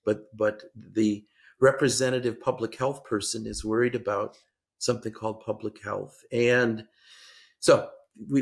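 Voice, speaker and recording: An older man with a low, gravelly voice talks as a guest on a podcast. He speaks in a measured way and often stops and restarts his sentences. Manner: measured, hesitant, many restarts. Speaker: guest policy expert. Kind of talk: podcast interview.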